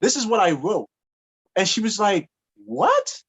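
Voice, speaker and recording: A man, a podcast guest, telling a story in casual talk and acting out the dialogue with big swings in pitch. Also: normal speed, slightly rough. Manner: animated, acts out dialogue with jumps in pitch.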